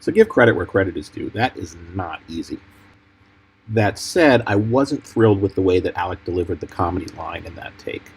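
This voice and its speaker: Husky low-voiced man explaining edits. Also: lively intonation, low-quality recording. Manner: explanatory, measured. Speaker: film editor. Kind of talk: commentary over film clips.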